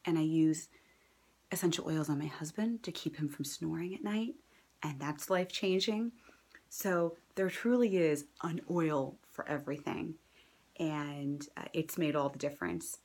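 A woman's voice: sits low, unhurried, darkish tone, slightly rough. A woman in her thirties, a mother, telling her own story in a casual, earnest and enthusiastic way, with fillers and restarts, sometimes dropping to a whisper. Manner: drops into a whisper at times. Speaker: mother sharing a testimonial. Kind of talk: casual personal testimonial.

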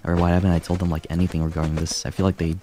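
A man talking casually on a stream, halting, with many fillers and restarts. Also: sits low, little pitch movement, dark tone, a little hiss or hum.

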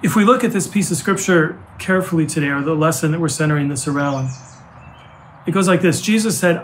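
An older man, a pastor and grandfather, preaching a heartfelt sermon with earnest, halting restarts. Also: a little high, slight background noise.

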